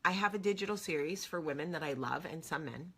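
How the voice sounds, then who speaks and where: A woman in her forties from New Jersey tells a personal story as host of her show. Her voice is bright and clear, and she talks in a chatty, emotional way full of fillers. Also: sits low, brisk. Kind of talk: casual storytelling.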